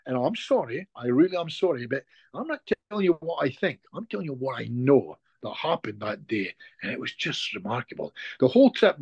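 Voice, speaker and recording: A hypnotist guest from Scotland shares a moving personal story in conversation, repeating words as emotion takes hold. His voice is a little high, gravelly and slightly rough, with no echo.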